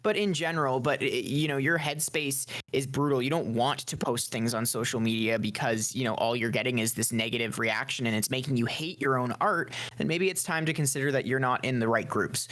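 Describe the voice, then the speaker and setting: A man's voice: mid-range voice, fairly quick, hardly any pauses, a bit bright. Earnest, stumbling man co-hosting a podcast. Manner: earnest, stumbling over repeated words. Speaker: podcast co-host. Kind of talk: casual podcast chat.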